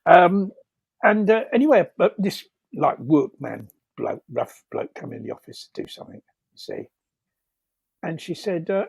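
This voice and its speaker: Man, husky, lively pitch, rambling storyteller, frequent laughs, dry sound. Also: normal speed, no echo. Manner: rambling, laughs often, many fillers and restarts. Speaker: storyteller guest. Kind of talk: casual anecdote telling.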